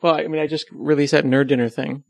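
A man's voice: a little high, little pitch movement, fast, creaky, no echo. A man answering questions in a casual podcast chat, teasing and rambling, self-deprecating about himself. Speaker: podcast host and web developer, as guest.

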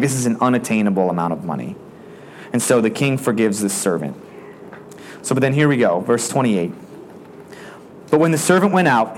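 A man gives a relaxed, conversational sermon, retelling scripture in everyday words. His speech is loose and full of "like" fillers. Faint background noise sits under the voice. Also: lowish voice. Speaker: preacher.

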